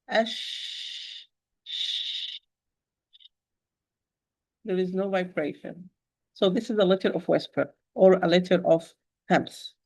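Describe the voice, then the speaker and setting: Patient woman teaching Quran recitation. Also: fairly high pitch. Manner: patient, repetitive, addresses listeners as dear sister. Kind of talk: online tajweed lesson.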